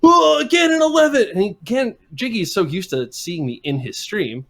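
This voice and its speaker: Guest, male, twenties, a touch high-pitched, self-deprecating storyteller. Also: big pitch swings, moderate pace, husky. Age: 20s. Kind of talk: casual chat, anecdote telling.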